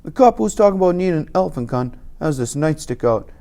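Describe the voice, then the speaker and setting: Animated, lively audiobook reader. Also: mid-range voice, fast. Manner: animated, emphatic storytelling. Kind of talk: first-person novel narration.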